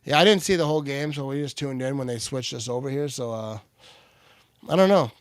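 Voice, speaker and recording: A man hosting a live game watch party, switching between excited play-by-play calls and relaxed chat. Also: medium pitch, a little fast, dry recording, clean studio sound. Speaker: livestream watch party host.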